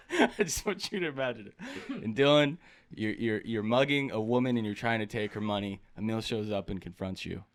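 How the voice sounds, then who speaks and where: A man's voice: lowish voice, expressive, normal speed. A man hosting a podcast in casual chat, laid-back and slangy, often laughing. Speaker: podcast host.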